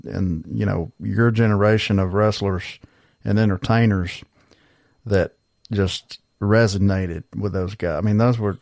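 Low-voiced easygoing male host, dry sound. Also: creaky, darkish tone, no echo. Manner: easygoing, short affirming replies. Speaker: podcast host. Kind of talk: casual interview chat.

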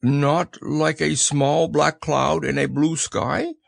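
A gentle, slow-witted teddy bear, as a male reader puts him on, musing in a slow, ponderous way. His low voice has a gravelly edge and drifts slowly through its words. It sounds like a storybook read aloud. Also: flat delivery, no room sound, studio quality, full character voice. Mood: anxious. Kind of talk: storybook character voice.

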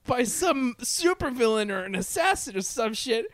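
A man chatting casually and profanely about a TV show, animated and laughing, often mock-defiant. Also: very high-pitched, normal speed, hardly any pauses, no room sound, studio quality.

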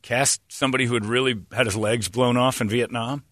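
A man hosting casual studio banter, an animated storyteller who swings his pitch around. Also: fairly quick, no echo. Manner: animated storyteller, jumpy pitch, mock voices.

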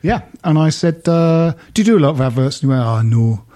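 A man's voice: fairly high pitch, expressive, fast talker, dark tone. A man chatting as a guest on a football podcast, agreeable and full of anecdotes. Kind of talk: casual football podcast chat.

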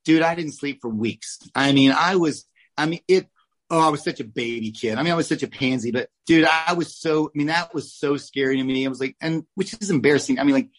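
A man in his forties from Oklahoma, a guest telling lively, salty stories from his childhood in a casual interview. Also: a little high, a little fast, poor audio. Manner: animated, swears, acts out quoted voices. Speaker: guest, oral surgeon.

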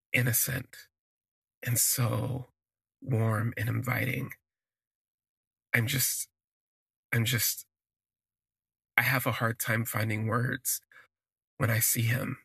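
A man telling a personal story in an expressive, self-deprecating way, drifting into asides. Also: mid-range voice, takes it slowly, gravelly, pauses often, husky, dry recording, clean studio sound. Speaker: podcast storyteller.

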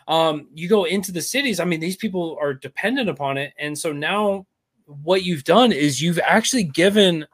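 Brief: male guest, a touch high-pitched, animated, rambling, keeps restarting sentences. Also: normal speed. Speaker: podcast guest. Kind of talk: casual political talk.

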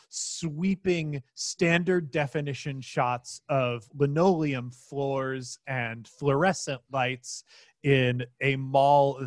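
A man narrating a tabletop game as its game master. He talks slowly and drifts along with lots of fillers. The sound is dry and close. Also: medium pitch, no room sound. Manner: relaxed, rambling with many fillers.

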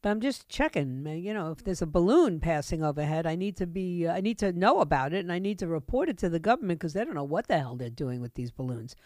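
A woman's voice: fairly low pitch, expressive, quick pace, few pauses, a little mellow, no echo. A woman hosting a talk radio show, delivering a sarcastic, indignant monologue from a studio microphone.

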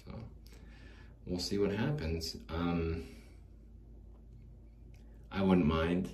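Speaking very slowly, this deep-voiced man keeps his intonation fairly even and his tone a little mellow. He's a podcast host on his own in a small studio, wandering through a wistful, self-mocking solo monologue. Faint background hiss and a roomy echo color the audio.

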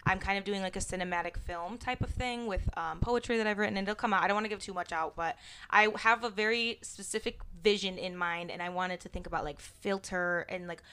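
A woman's voice: mid-range voice, brisk, pushed and bright, smooth. Chatty woman podcast co-host. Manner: chatty storyteller, acts out quotes with lots of "like". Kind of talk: casual chat.

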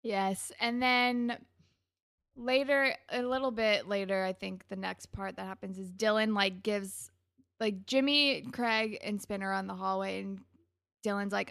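A young woman in casual chat, recapping a TV episode and acting out the characters' lines with animated energy. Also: medium pitch, a little slow, gravelly, no room sound, studio quality. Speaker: podcast co-host recapping a TV episode.

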